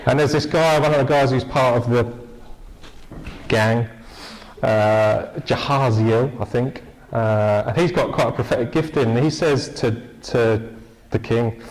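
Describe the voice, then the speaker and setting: A man preaching a sermon in a relaxed, conversational way, telling stories with lively bursts and restarts. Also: mid-range voice, a little hiss or hum, poor audio. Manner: conversational, animated storytelling with restarts. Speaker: pastor.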